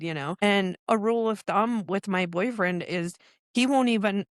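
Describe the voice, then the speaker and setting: A woman in her forties speaks candidly and with feeling as a podcast guest, switching into lively quoted voices as she tells her story. Her voice sits at an ordinary middle pitch, recorded close and dry with no room sound. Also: moderate pace, no echo. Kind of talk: casual chat.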